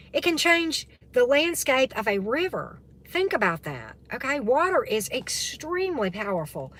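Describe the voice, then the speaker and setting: A woman's voice: on the high side, a bit bright, slight background noise. Chatty woman checking in with viewers. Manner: chatty, keeps checking in with "right?" and "okay?". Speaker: tarot reader and spiritual coach. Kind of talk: casual livestream chat with viewers.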